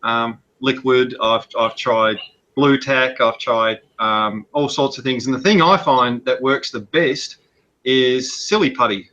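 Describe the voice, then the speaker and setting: A man on an online hobby call, explaining his technique eagerly with quick stumbles and repeated restarts. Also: mid-range voice, bright, forceful tone, dull audio. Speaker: guest modeler. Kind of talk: casual video-call chat. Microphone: video call.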